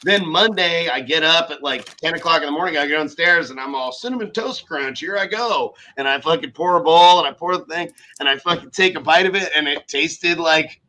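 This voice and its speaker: A man with a bright, forceful voice that sits a little high, chatting casually on a podcast. He tells a long, rambling story and swears freely in almost every sentence. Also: brisk, few pauses, slight background noise. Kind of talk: casual chat.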